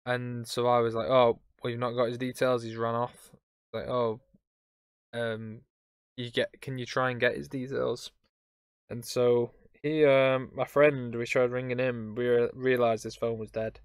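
A young man tells a messy travel story on his podcast, rambling through it with fillers and restarts. His voice is smooth and clear, recorded close and dry. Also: mid-range voice, flat delivery, unhurried, no room sound. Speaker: podcast host. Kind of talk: casual storytelling.

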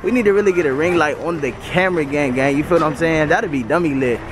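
A man with a St. filming a loud, joking vlog while shopping with his wife, teasing and laughing often. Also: fairly high pitch, fast talker, noisy background. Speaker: vlogger, husband. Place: Walmart store, then parking lot.

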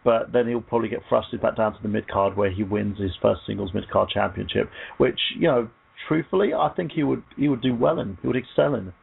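A man on a radio panel giving measured, analytical opinions in casual talk. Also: lowish voice, gravelly, slightly rough. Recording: phone-line audio.

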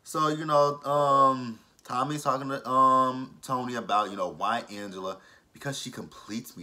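A man hosting a casual reality TV recap vlog, animated and profane, laughing often. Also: fairly low pitch, a little fast.

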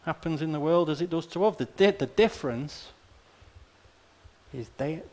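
A man's voice: a little high, moderate pace, a little mellow. A male pastor delivering a sermon in a conversational, plain-spoken way, often tossing rhetorical questions and wry asides to the congregation. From Australia.

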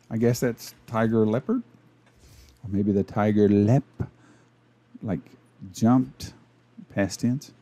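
Slow, mellow Arkansas-accented man. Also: medium pitch, gravelly. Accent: Southern US (Arkansas). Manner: playful, jokey, chatty commentary. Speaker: gaming channel host. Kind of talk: casual gameplay commentary.

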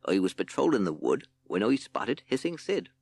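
A man doing a slow, hushed old mole. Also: sing-song, gravelly, dry recording, clean studio sound, heavily acted. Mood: confiding. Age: older. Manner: slow, low, drops to a hushed mutter. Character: aged male mole, slow and secretive.

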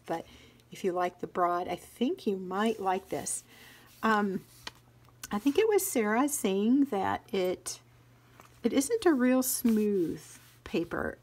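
A woman reviewing notebooks and fountain pens in a chatty, musing way, often trailing off into soft whispers. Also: medium pitch. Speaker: stationery vlogger. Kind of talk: casual show-and-tell review.

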